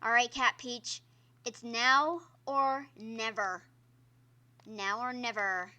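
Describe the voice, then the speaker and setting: A woman's voice: fairly high pitch, steady tone, slow pace, bright, forceful tone. A woman streamer giving casual gameplay commentary, chatty and exclaiming at the game while talking to her viewers. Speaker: gaming streamer. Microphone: own microphone.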